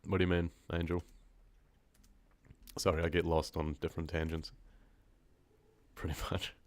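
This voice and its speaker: Deep-voiced man with a stuffy nose. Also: level tone, normal speed, no echo. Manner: rambling, self-deprecating, laughs often. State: congested, stuffy nose from a cold. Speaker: horror story narrator streaming live. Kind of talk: casual live-stream chat, reading comments.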